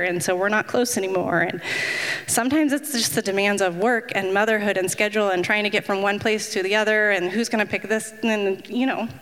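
A woman's voice: medium pitch, fairly bright tone. A woman in her thirties giving a casual, chatty devotional talk, self-deprecating and full of fillers. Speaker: women's ministry speaker. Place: church hall. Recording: long hall reverb.

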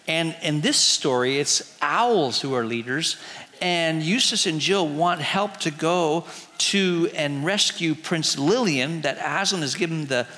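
A man's voice: on the high side, bright, forceful tone, big-room sound. A man retelling a storybook to a group, chatty and asking the listeners questions as he shows pictures. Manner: chatty, asks the audience questions. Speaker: teacher retelling a book.

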